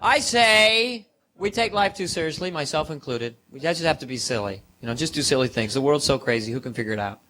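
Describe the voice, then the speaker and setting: A man's voice: on the high side, expressive, brisk, pushed and bright. A man doing a live stand-up set in a comedy club, rambling playfully and teasing the audience.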